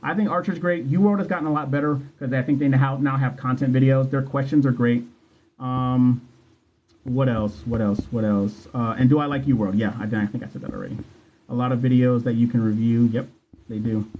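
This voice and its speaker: Male livestream host, exam coach, husky voice, casual and repetitive, muffled lo-fi audio. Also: medium pitch, steady tone, normal speed. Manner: chatty, loose, repeats phrases, slangy asides. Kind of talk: casual livestream chat reading viewer comments.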